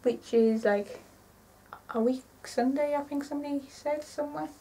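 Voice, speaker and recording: A woman in her twenties chatting casually to camera in a rambling, excitable way, often correcting herself. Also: high voice, moderate pace, far from the mic, poor audio. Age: 20s. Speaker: vlogger.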